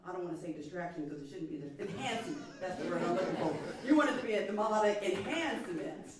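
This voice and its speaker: A woman's voice: lowish voice, lively intonation, quick pace, over a noisy crowd. A woman coaching a singer in a masterclass, encouraging and sometimes singing phrases to show what she means. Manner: encouraging, talks over the singing, demonstrates phrases by singing. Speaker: vocal coach. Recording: echoey hall, mic far off.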